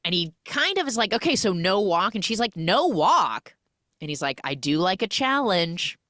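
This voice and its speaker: Here a woman with a mid-range voice hosts a podcast, speaking at a moderate pace in a room-free recording. She recaps a film jokingly and casually, animatedly performing the characters' lines.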